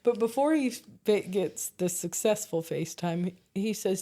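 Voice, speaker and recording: A woman co-hosting a relaxed podcast, spinning animated family stories and breaking into laughter as she goes. She swears freely and talks at an ordinary, mid-pitched level. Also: a little slow. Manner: swears casually. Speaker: podcast co-host. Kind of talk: casual storytelling chat.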